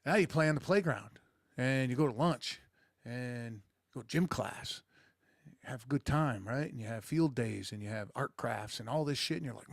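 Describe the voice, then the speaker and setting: A middle-aged podcast host from the rural United States speaks at medium pitch and a moderate pace, with vocal fry, on a dry, studio-quality recording. His casual monologue is crude, sarcastic and rambling.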